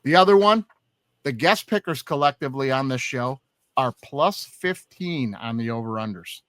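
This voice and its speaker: Bright-voiced male sports podcast host. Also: medium pitch, moderate pace, no room sound, clean studio sound. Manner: animated, swears when excited. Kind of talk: casual sports betting chat.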